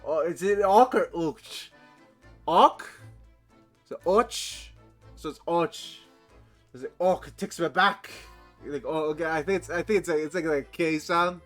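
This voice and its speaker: A male streamer commenting live on a game, excitable and swearing, with sudden loud outbursts. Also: on the high side, moderate pace, soft background music.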